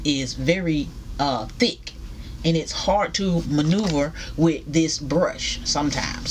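Woman, deep voice, casual home vlog chat, camera mic. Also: noisy background. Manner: chatty, folksy, addresses viewers as y'all. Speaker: vlogger. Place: room at home with ceiling fan.

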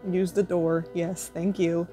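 A woman's voice: on the low side, flat delivery, slow pace, mellow, soft background music. A woman vlogging casually, cooing at and playfully scolding her pet rabbit, laughing often.

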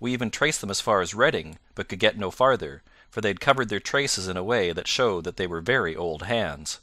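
A man's voice: deep voice, lively intonation, fairly quick, dry recording, clean studio sound, heavily acted. A man doing a bluff, hearty police inspector. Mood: confident. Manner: jovial, loud, confident.

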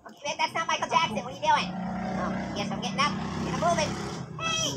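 A gaming YouTuber giving goofy, joking let's play commentary with squealing excited outbursts. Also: high-pitched, racing, heavy background noise. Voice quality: goofy and jokey.

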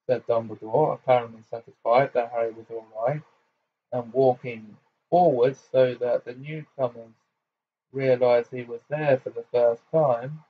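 A man reading a novel aloud in plain, steady narration with small slips. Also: medium pitch, a little slow, husky. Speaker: audiobook reader. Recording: slightly muffled home recording.

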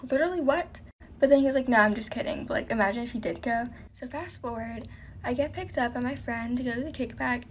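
A young woman telling a storytime about her night, dramatic and quick to act out the other voices. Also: a little high, slight background noise. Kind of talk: casual storytime.

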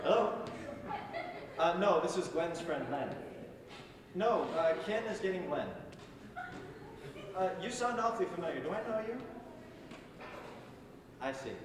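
A teenage boy acts out a sarcastic, quick-to-bristle rich man on a school stage, in a fairly high voice. The sound rings around a large hall and is picked up from a distance. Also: animated. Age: teens. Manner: sarcastic and indignant. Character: indignant wealthy middle-aged man, sarcastic. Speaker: student actor in a school play. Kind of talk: amateur stage acting. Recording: echoey school auditorium from far off, noisy.

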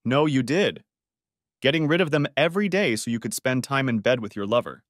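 A man's voice: medium pitch, animated, a little fast, no echo, lightly acted. A man plays a betrayed husband in a storybook reading, cold and cutting with a sarcastic edge. His voice rises a little above the narration and lifts and falls with feeling, in a dry, close recording. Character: cold, bitter husband confronting his wife.

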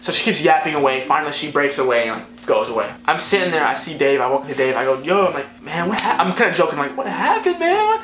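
Brief: young male vlogger, fast and lively, rambling storyteller, roomy echo. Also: fairly high pitch. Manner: rambling, animated, filler-heavy. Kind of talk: storytime vlog. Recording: echoey room, faint music.

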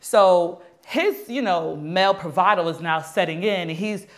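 A young adult woman being interviewed, telling a long story in a lively way and acting out the people in it. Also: fairly low pitch, measured pace. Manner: animated, acts out quoted dialogue. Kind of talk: storytelling anecdote.

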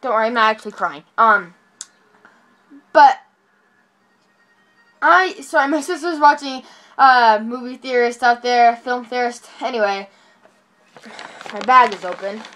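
A woman vlogging casually from her bed at home into a phone, talking excitedly and rambling, correcting herself as she goes. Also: on the high side, measured pace, long pauses. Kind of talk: casual vlog talking to camera. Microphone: phone camera.

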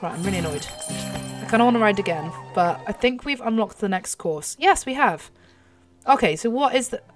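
A young woman with a British accent talks through her gameplay in a lively, up-and-down voice that sits a little high. She cheers her horse on and exclaims at the results. Faint game music plays behind her. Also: normal speed. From Britain. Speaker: gaming YouTuber. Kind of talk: live gameplay commentary.

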